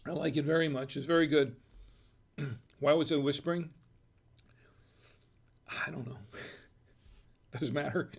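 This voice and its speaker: Gravelly-voiced man chatting through a tasting. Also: a little slow, long pauses. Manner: relaxed, chatty, thinks aloud with restarts and low asides. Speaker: host of a wine tasting show. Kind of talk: casual wine and cheese tasting chat.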